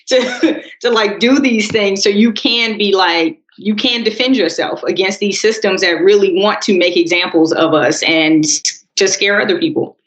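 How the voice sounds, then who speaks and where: A woman co-hosting a political podcast, telling stories calmly and talking straight to listeners. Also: mid-range voice, normal speed. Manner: calm, storytelling, addresses listeners as y'all. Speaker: podcast co-host. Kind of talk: casual political chat. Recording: roomy, dull-sounding podcast audio.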